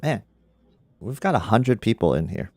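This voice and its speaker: A man's voice: lowish voice, sing-song, moderate pace, warm tone, dry recording. A man hosting a casual tech livestream, laid-back and laughing often, with lots of "like" in his talk. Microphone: studio microphone.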